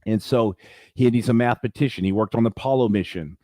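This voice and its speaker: A man as a podcast guest at his home, telling long, rambling stories in an animated way. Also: mid-range voice, quick pace, no echo. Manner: rambling storyteller, animated, acts out quotes. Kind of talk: casual interview.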